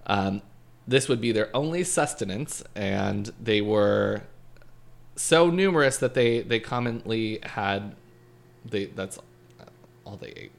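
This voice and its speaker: A man's voice: lowish voice, animated, takes it slowly, gravelly, long pauses. A man from Scotland casually reading a story aloud to friends, with laughing asides.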